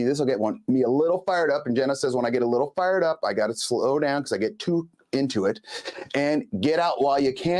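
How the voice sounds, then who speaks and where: A man hosting a live show, talking straight to his viewers in a chatty, emphatic way. His pitch sits in the middle for a man. He leans on words for emphasis and keeps an easy, talkative flow. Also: a little mellow. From Los Angeles. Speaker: host.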